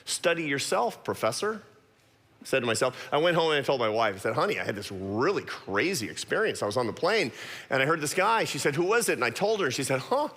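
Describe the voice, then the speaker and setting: A middle-aged man giving a talk to an audience, telling a personal story with quick self-deprecating asides. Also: mid-range voice, big pitch swings, a bit bright. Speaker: guest speaker. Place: large church auditorium. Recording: long hall reverb.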